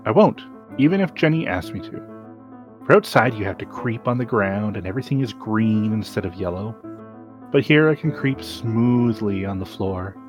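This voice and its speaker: A man with a fairly low voice reads a classic story aloud. His delivery is slow and deliberate, broken by sudden emphatic rises. Faint guitar and piano music plays softly underneath. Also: animated. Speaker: podcast host reading aloud. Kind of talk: dramatic reading of a classic story.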